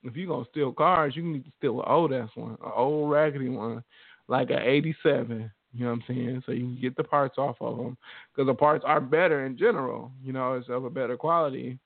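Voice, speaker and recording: A man's voice: medium pitch, a little fast, creaky, dry recording. A man co-hosting a podcast in casual chat, blunt and profane, reading gossip aloud. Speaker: podcast co-host. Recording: tinny phone-like dry sound.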